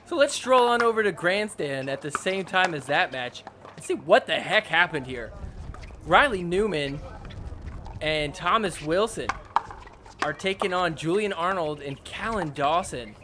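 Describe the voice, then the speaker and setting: High-voiced man hyping up match clips. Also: a little slow, noisy background. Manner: excitable, joking, swears freely. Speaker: podcast host. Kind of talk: recap commentary over match clips.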